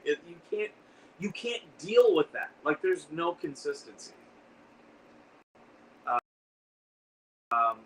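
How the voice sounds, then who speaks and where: A man talks loosely on his livestream, wandering from point to point and stopping to answer what viewers write. His voice sits at an everyday middle pitch. He is heard from a little way off the mic, with a faint hiss of background noise. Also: a bit bright, distant mic, poor audio. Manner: rambling, reads and answers viewer comments. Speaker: livestream host. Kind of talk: casual livestream chat.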